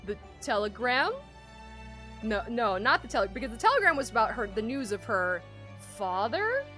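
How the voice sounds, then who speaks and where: Young woman, game streamer, high lively voice, bright, gushing commentary, faint game music behind. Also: normal speed. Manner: excitable and gushing, gasps and tearful squeals. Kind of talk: casual live-stream commentary.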